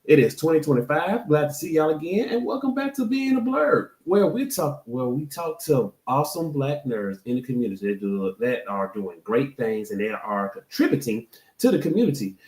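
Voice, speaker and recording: Lively man hosting, echoey. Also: mid-range voice, moderate pace. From American South, Florida. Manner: lively, joking, talks directly to viewers. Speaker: host. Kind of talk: casual show intro.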